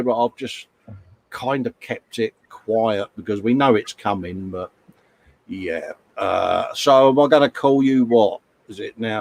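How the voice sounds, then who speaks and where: A man, co-hosting a live stream and chatting casually while reading viewer comments aloud. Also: mid-range voice. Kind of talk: casual banter.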